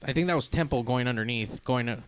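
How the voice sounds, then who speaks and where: Swearing, joking podcast host. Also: male voice, medium pitch, fast, soft background music. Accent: Southern Californian. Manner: swears freely, loose and joking. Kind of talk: casual chat.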